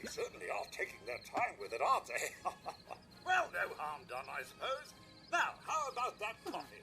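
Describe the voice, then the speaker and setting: A man's voice: high-pitched, huge pitch swings, moderate pace, pushed and bright, soft background music, full character voice. A man playing a chipper coffee-counter server.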